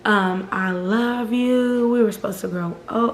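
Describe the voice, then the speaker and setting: A woman vlogger telling a storytime in casual chat, animated and profane, often calling out to her viewers. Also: medium pitch, a little slow, slight background noise. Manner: animated, profane, keeps addressing viewers as "y'all". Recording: roomy echo.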